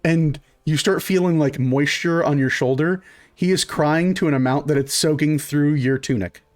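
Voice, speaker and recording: A man's voice: a little high, normal speed. A man narrating as game master in a loose, laughing way, with many fillers.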